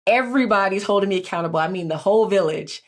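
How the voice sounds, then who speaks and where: A woman's voice: mid-range voice, fast. A woman in her forties, a guest in an interview, telling her life story in an earnest, reflective way with many filler words. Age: 40s. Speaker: guest, Olympic athlete.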